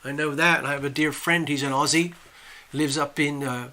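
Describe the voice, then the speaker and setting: Chatty guy on a home livestream, bright kinda high voice, greeting folks by name and rambling along. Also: steady tone, normal speed. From USA. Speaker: livestream host. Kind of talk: casual live chat reading viewer comments.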